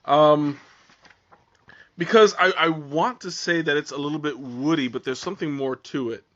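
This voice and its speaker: A man's voice: a little high, fairly bright tone, lo-fi sound, a little hiss or hum. A man hosting a live tea tasting, talking casually and often stopping mid-sentence to hunt for the right word. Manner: halting, searching for words, many fillers and restarts. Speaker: livestream host.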